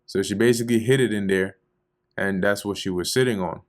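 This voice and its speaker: A man reading scripture aloud and explaining it in casual, slangy paraphrase during a relaxed Bible study. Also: lowish voice, fairly quick. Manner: reads archaic verses, then explains them in loose slangy paraphrase.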